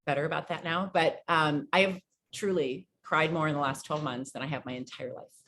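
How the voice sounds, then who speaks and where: Deep-voiced lady author on a video call, earnest and blunt, encouraging, stumbles a bit. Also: steady tone, a little fast, fairly bright tone. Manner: earnest and encouraging, frank, with false starts. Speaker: guest author. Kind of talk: casual chat on a video call.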